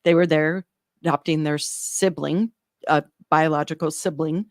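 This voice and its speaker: A woman working in newborn care, earnestly telling an animated story in an interview, acting out the dialogue. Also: sits low, unhurried, no room sound, clean studio sound. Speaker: neonatal medical provider, guest.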